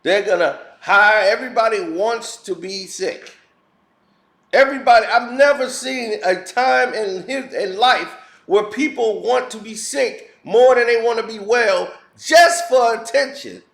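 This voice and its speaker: A man's voice: high-pitched, a little slow, creaky, fairly bright tone. A man giving a blunt, heated and preachy opinion rant as a commentary vlogger. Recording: roomy echo.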